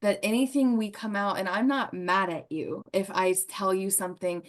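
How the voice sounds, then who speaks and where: A woman's voice: mid-range voice, fairly even intonation, moderate pace. A woman guest on a podcast, telling a story in an earnest, emotional way and often laughing as she talks.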